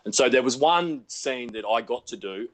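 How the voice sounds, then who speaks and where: A man's voice: medium pitch, expressive, normal speed. Laid-back Australian man telling stories. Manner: laid-back, self-deprecating storyteller. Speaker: actor guest. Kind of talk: casual chat. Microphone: video call from home.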